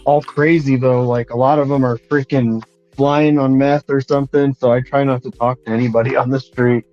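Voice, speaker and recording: Mellow laid-back man. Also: mid-range voice, little pitch movement, normal speed, no echo. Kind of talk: casual chat. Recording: dull, dry recording with faint music.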